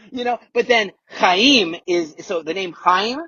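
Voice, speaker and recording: A man's voice: sits high, highs cut off, noisy background. A man from the United States, a podcast guest talking emphatically and repeating key words, heard over a remote call. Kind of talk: casual interview talk.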